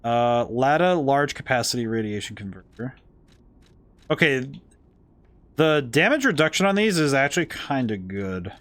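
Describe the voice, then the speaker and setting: A man's voice: mid-range voice, big pitch swings, moderate pace, a bit bright. A man streaming a game, musing thoughtfully and rambling as he corrects himself mid-sentence. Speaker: game designer streaming gameplay. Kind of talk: casual livestream commentary.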